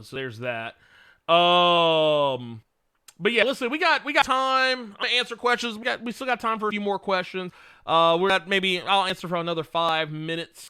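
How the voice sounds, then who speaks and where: Man, livestream host, casual frank chat, very bright voice, dry close sound. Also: fairly high pitch, clean tone, no echo. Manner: frank and excitable, laughs often, swears. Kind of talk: casual chat answering viewer questions.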